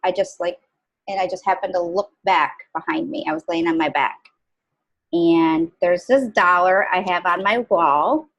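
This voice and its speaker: A young adult woman telling a personal story in a halting, casual way, with many pauses and fillers. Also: on the low side, highs cut off. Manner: halting, many ums and restarts. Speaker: guest sharing a story.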